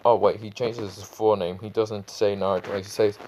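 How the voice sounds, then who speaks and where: A man's voice: fairly low pitch, level tone, moderate pace, dark tone, slight background noise. A man casually retelling a fan story in a rambling, irreverent way, full of fillers.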